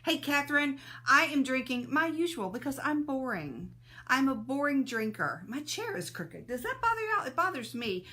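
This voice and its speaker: Woman chatting on a live stream, bright voice, a bit high, sneezy. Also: sing-song, normal speed. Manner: chatty, greets viewers by name, laughs often. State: sneezy, teary-eyed. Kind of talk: casual live-stream chat greeting viewers.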